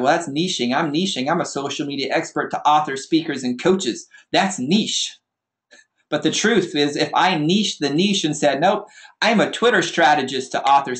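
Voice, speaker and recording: A man hosting a podcast, giving an energetic motivational talk as a business coach and repeating phrases for emphasis. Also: fairly high pitch.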